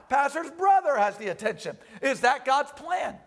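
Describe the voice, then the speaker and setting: High-voiced preaching pastor. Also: male voice, a little fast, hardly any pauses. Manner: animated preaching, rising loud for emphasis and dropping low for quoted lines. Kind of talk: sermon. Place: church.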